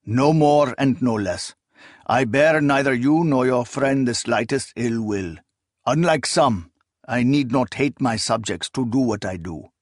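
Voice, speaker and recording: A man's voice: mid-range voice, no echo, clean studio sound, natural voice. A man doing a coldly menacing sorcerer spymaster. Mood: coolly persuasive. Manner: calm, measured, quietly menacing. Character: cold, calculating male sorcerer spymaster.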